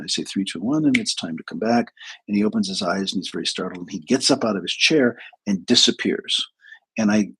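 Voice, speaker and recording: Gravelly low-voiced man telling client stories. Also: poor audio. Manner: conversational storytelling with restarts. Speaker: hypnotherapist.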